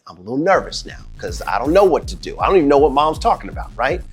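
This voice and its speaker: Middle-aged man, dentist, lively dramatic storyteller, faint music bed. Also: a little high, quick pace, slightly rough. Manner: dramatic, repetitive retelling with quoted dialogue. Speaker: dentist and host. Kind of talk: animated storytelling.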